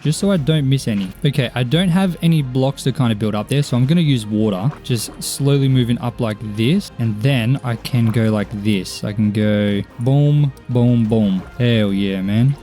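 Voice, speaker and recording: A young man with an Australian accent calls out his gameplay as he plays, excitable and full of exclamations. His voice is mellow, with an even middle pitch. Faint music plays under him. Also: moderate pace, hardly any pauses. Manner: excitable, exclaiming and talking to viewers. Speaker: gaming YouTuber. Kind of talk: live gameplay commentary.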